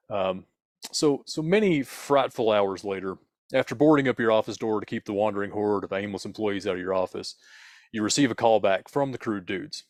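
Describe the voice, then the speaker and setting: Podcast host, low male voice, dry close mic, playful spooky storyteller. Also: no room sound. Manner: playful, dramatic, with fillers. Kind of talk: spooky second-person storytelling.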